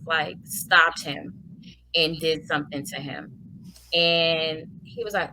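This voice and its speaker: Bright-voiced woman telling her story. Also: deep voice, fairly even intonation, slow, slight background noise, low-quality recording. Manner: heartfelt, colloquial, many fillers. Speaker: interview guest. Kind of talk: personal testimonial storytelling.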